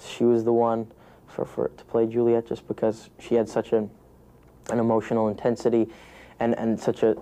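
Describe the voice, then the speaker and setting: Flat-voiced young American actor, rambling. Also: male voice, medium pitch, normal speed. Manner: rambling, many restarts and "you know" fillers. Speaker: actor being interviewed. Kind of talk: press junket interview.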